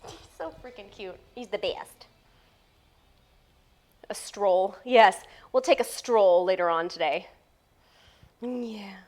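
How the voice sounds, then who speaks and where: A woman's voice: mid-range voice, slow pace, long pauses, darkish tone. A young woman, a fitness trainer, chatting playfully with her live-stream viewers from home. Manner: bubbly, playful, reads chat aloud and answers it. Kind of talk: casual live-stream chat.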